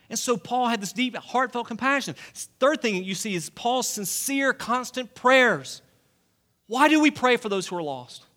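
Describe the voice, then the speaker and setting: Man, 40s, pastor, high voice, earnest, pleading, sermon in church. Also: pushed and bright. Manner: earnest, pleading, with rhetorical questions. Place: church sanctuary.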